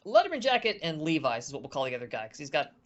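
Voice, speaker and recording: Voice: medium pitch, very animated, rapid-fire, muffled recording. A game master narrating a horror tabletop game in a loose, chatty way with lots of fillers.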